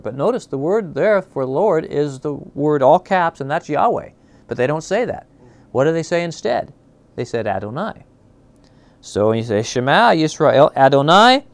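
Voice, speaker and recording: A man teaching a Bible class in a classroom. He talks conversationally, often checks in with "okay?", gropes for words and slows down to sound out Hebrew words. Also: medium pitch, smooth, no echo. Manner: searches aloud for words, with fillers and restarts.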